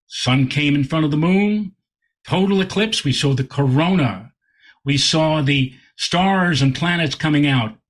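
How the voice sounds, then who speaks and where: Husky-voiced man telling a lively story. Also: fairly high pitch. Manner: lively storyteller, repeats words when excited. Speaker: astronomer guest. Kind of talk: animated anecdote in conversation.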